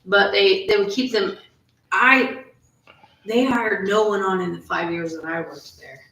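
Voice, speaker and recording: A woman's voice: medium pitch, fairly even intonation, unhurried, fairly bright tone, echoey room, recorded from a distance, low-quality recording. A woman in casual chat, telling a rambling story full of fillers and asides.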